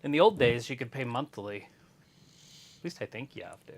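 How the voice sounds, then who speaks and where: A man's voice: mid-range voice, lively intonation, a little fast. A man co-hosting a wrestling watch-along stream, trading casual teasing banter and laughing often.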